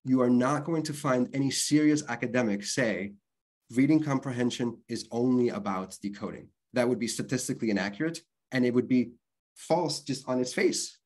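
A man's voice: mid-range voice, normal speed. A man presenting an online literacy workshop, explaining things in a conversational way and spelling out sounds. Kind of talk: workshop lecture.

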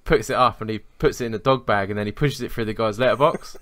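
On the low side and quick-paced, this man has a fairly bright tone, with no room sound in the recording. As a podcast co-host, he wanders through a story from work in relaxed chat, dropping swears and laughing at his own jokes.

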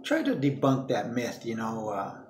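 Rambling man, halting, mouth full. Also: on the low side, huge pitch swings, darkish tone, roomy sound, a little hiss or hum. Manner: rambling, halting, many fillers and repeats; eats and talks with his mouth full. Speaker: vlogger. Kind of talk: casual solo vlog.

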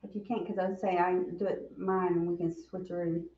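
A woman's voice: fairly low pitch, little pitch movement, brisk. A woman co-hosting a casual live stream, chatty and teasing. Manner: chatty, teasing, laughs a lot. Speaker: co-host. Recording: distant, roomy, dull lo-fi audio.

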